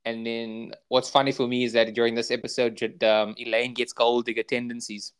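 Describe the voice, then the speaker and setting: A South African man co-hosting a podcast, casually retelling sitcom scenes and jumping into high, squeaky imitations of the characters. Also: little pitch movement, fairly quick, clear, resonant tone, no room sound. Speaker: podcast co-host. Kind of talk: casual chat.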